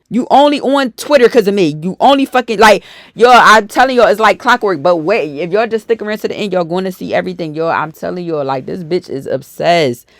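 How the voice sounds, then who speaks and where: A woman's voice: mid-range voice, no echo, studio quality. A woman YouTuber, delivering a profane, confrontational storytime rant.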